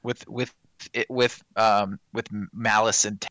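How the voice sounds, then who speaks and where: A man co-hosting a casual comedy podcast, playful and quick to laugh. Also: lowish voice, flat delivery, sharp tone, dry recording. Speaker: podcast co-host.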